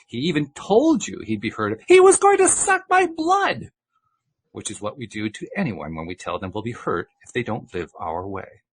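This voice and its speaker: A man's voice: mid-range voice, wildly swooping pitch, moderate pace, slightly rough. A man reading a book aloud and voicing a patient male spiritual teacher who explains things. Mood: earnest.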